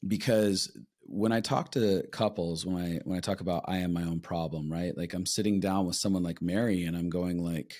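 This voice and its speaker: A man's voice: sits low, fairly even intonation, moderate pace, darkish tone, no room sound, studio quality. A man who works as a marriage counselor, explaining his ideas earnestly in a casual podcast conversation and acting out what his clients say.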